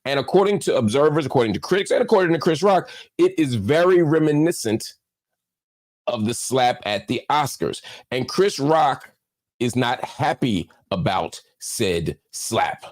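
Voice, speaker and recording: This political commentary host's voice is mid-range with lively intonation. His delivery is heated and preacher-like, driving points home by repeating phrases, though it comes across as heartfelt, subdued, and slower.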